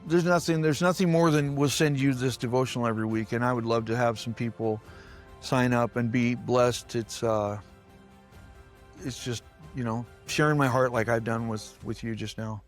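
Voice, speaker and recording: A man's voice: mid-range voice, fairly even intonation, moderate pace, faint music behind. A man who was once a pastor tells stories in an interview with an emphatic preaching cadence and repeats phrases for effect. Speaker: guest, former pastor. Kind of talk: storytelling interview talk.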